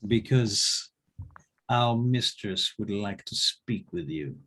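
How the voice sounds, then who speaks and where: A man's voice: lowish voice, expressive, slow pace, fairly bright tone, breathy edge, exaggerated voice. A man voicing a cold, scheming female drow leader who speaks haughtily and threateningly in a tabletop game. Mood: haughty.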